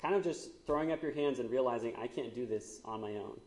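A man's voice: mid-range voice, a little fast, a little mellow. Guy preaching casual-style, lots of ums, roomy echo on the mic. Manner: conversational, with fillers and asides. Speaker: pastor. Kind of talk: sermon.

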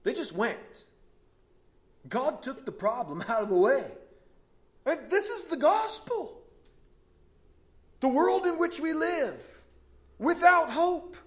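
Man, preacher, sermon, high voice, animated storytelling, self-interrupting. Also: takes it slowly, long pauses.

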